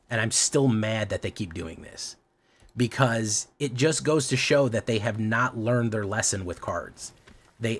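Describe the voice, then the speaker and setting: Man, low-pitched, casual livestream talk, stumbling restarts, heated swearing rants. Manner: frequent fillers and restarts, gets heated and swears. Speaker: streamer playing a card game.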